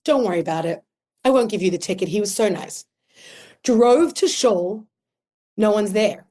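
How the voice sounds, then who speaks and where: An Australian woman in her thirties, a podcast guest telling personal stories in an emotional, animated way. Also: medium pitch, normal speed, long pauses. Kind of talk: casual conversational storytelling.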